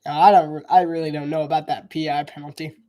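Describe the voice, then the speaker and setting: A man's voice: fairly high pitch, flat delivery, fairly quick, muffled recording. Chatty man doing live football commentary. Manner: chatty, hedging, thinks aloud with restarts. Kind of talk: casual live play-by-play commentary.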